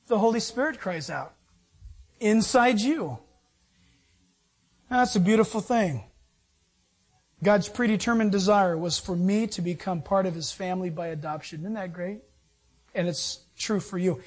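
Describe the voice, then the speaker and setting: A preacher giving a sermon, dramatic, jumping between loud bursts and hushed, intimate asides. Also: medium pitch, lively intonation, moderate pace.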